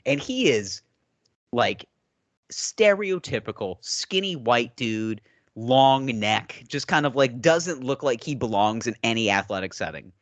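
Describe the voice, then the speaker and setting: A man co-hosting a podcast in casual chat, an animated storyteller who acts out quotes and laughs often. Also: mid-range voice, unhurried, no echo. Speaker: podcast co-host.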